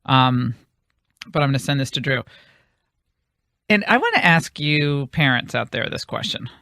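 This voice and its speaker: A woman's voice: very deep voice, expressive, moderate pace, vocal fry, a bit bright, dry recording, clean studio sound. A woman hosting a radio talk show, telling a long rambling anecdote in casual on-air chat. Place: radio studio.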